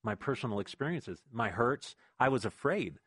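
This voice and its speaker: A man's voice: mid-range voice, expressive, normal speed, a bit bright, slightly rough, no room sound, studio quality. A middle-aged man hosting a faith talk show, earnest and conversational, often restarting his sentences as he leads the interview.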